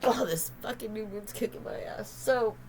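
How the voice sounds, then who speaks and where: A tearful woman in her fifties pours out a raw, confessional vlog, swearing freely as she goes. Her voice sits at an ordinary middle pitch. A faint noise runs behind her. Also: normal speed, a little mellow, poor audio. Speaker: spiritual channeler and vlogger.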